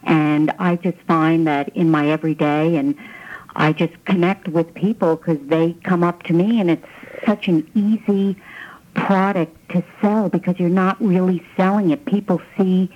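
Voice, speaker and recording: An eager woman from New Jersey tells her story on a call-in show, chatty and full of restarts. Her voice sits somewhat low for a woman. The sound is dull and lo-fi, like an old radio broadcast. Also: steady tone, unhurried. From New Jersey, USA. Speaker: caller giving a testimonial. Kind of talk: casual testimonial on a call-in program.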